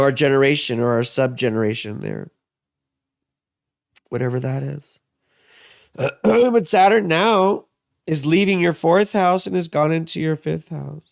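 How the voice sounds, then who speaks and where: Man, thirties, chatty astrologer, casual rambling reading, dry close mic, gravelly edge. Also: mid-range voice, dry recording. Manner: chatty, rambling, frequent fillers and asides. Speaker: astrologer and tarot reader.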